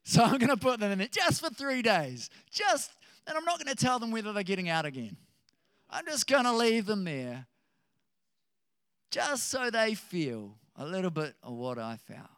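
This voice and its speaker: A man's voice: high-pitched, sing-song, normal speed, fairly bright tone, clear, resonant tone, no room sound, clean studio sound, voice pushed up, exaggerated voice. A man reading aloud the lines of a stern, spiteful man in power, in an emphatic, raised voice.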